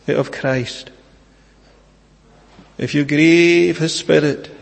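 A man preaching a sermon in a church, earnest and measured, pleading with his hearers and pausing often on "eh". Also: on the high side, vocal fry, in a large hall.

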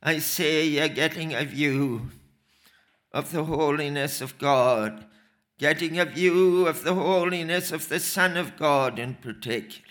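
A man preaching a sermon, slow and emphatic, repeating phrases for weight. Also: on the high side, fairly bright tone.

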